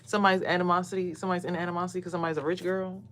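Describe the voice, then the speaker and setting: A woman talks casually to her viewers, blunt and full of swearing. Her voice sits low. A faint hiss runs under the recording. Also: very fast. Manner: blunt, swears a lot, animated quoting of others. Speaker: vlogger and spiritual reader. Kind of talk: casual rant to camera.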